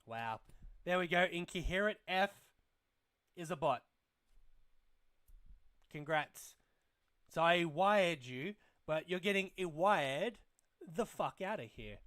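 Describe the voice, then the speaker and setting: A man's voice: on the high side, expressive, slow, pauses often, fairly bright tone. A young man hosting a casual toy livestream, rambling and swearing freely as he reads chat aloud. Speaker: livestream host.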